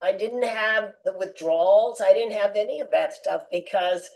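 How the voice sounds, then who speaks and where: A woman's voice: medium pitch, moderate pace, vocal fry, darkish tone, low-quality recording. An older woman, a guest on a podcast interview, telling a personal story with animation and acting out quoted lines.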